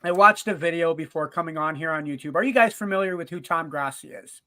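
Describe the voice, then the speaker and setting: An animated man co-hosting a sports podcast, talking in a casual, lively way. His voice sits high and sounds bright. The recording is dry, with no room sound. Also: fast talker, no echo. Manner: animated storyteller, acts out quotes. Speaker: podcast co-host.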